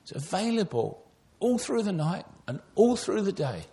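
An older preacher speaks with earnest conviction, weaving personal stories into his sermon and addressing the children directly. His fairly high, gravelly voice has a warm tone, big pitch swings and a moderate pace.

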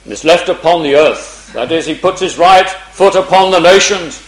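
A man preaching a gospel sermon, fervent, swinging between loud declarations and hushed pleading, often clearing his throat. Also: fairly high pitch, moderate pace. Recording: echoey hall.

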